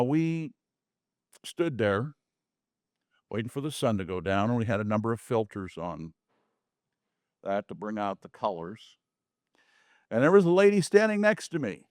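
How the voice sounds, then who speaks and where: A man's voice: medium pitch, animated, measured pace, long pauses, dry recording, clean studio sound. A man giving a casual slide talk about his photographs to a small audience, chatty, with folksy asides and jokes. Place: community meeting room.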